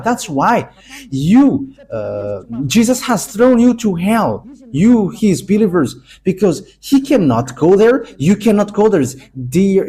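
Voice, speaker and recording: Male preacher, emphatic sermon delivery, mellow dark tone. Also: sits high. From Madagascar. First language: Malagasy.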